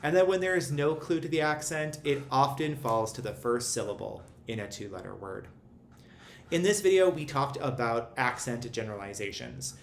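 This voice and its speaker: A man's voice: medium pitch, moderate pace. Man explaining phonics in an echoey room. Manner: clear, methodical explaining. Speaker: teacher. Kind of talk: recorded phonics lesson. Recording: roomy echo, faint background hum.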